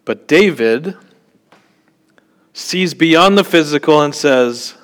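Slow-talking male preacher. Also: on the high side, lively intonation. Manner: conversational, with joking asides and frequent "okay?" check-ins. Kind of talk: sermon.

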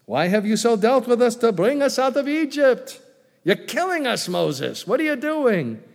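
A preacher acting out a crowd of frantic, complaining men, loud and accusing, his voice pushed up high and ringing through a reverberant hall. Shrill and exasperated, they hurl questions at their leader. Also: big pitch swings, moderate pace, gravelly, full character voice. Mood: panicked. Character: panicking, complaining ancient Israelite men.

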